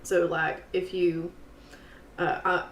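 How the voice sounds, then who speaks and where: Woman, casual game streamer: rambling and chatty, lowish voice, echoey room. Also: level tone, takes it slowly. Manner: rambling, chatty, lots of fillers and laughs. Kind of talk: casual gameplay commentary. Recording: echoey room with faint noise.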